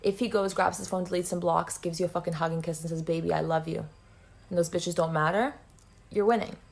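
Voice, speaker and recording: Woman, lowish pitch, gravelly fry, blunt, profane, lecturing advice. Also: fairly even intonation, quick pace. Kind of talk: relationship advice monologue.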